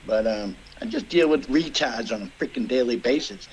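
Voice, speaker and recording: A man's voice: medium pitch, expressive, moderate pace, rough recording. A middle-aged man, a comedian guest from the Boston area, telling rambling, profane stories in casual podcast chat.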